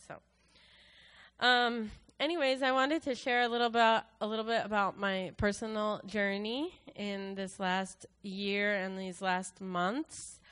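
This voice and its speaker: Smooth-voiced woman sharing an emotional testimony. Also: medium pitch, a bit bright. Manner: emotional, halting, many fillers and restarts. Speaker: church worship leader. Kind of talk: personal testimony to a congregation.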